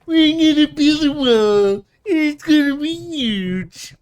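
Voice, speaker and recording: A woman putting on the voice of a boastful older male politician, slow and drawn-out, a little away from the mic. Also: sits high, expressive, a little mellow, voice pushed up.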